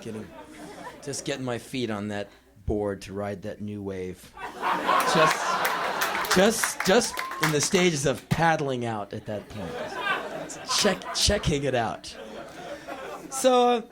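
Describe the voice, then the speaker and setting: A man in his twenties doing live spoken word storytelling on a small venue stage, acting out his younger self in quick put-on voices. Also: medium pitch, expressive, a loud crowd, heavy background noise. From United States. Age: 20s.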